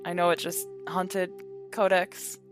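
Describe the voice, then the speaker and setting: Woman player as a wary adventurer, lower voice, halting and questioning. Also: little pitch movement, music in the background. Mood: curious. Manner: hesitant, questioning. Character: Isabella, a curious cautious woman adventurer.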